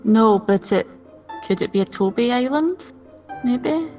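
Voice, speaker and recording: A woman playing a tabletop game, speaking briskly and matter-of-factly about her character's moves. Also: fairly high pitch, expressive, mellow, soft background music. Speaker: player. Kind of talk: casual tabletop game play.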